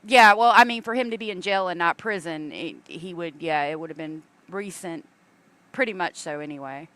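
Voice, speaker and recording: Smooth-voiced matter-of-fact woman. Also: lowish voice, normal speed, a bit bright. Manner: reads out details in a matter-of-fact way. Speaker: co-host. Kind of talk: casual call-in chat.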